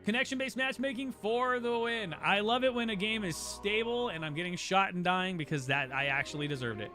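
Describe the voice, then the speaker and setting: A man's voice: high-pitched, fairly quick, bright, forceful tone, faint music behind. A man chatting casually on a gaming livestream, opinionated and rambling with frequent restarts, his voice tiring from a long day of talking. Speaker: streamer.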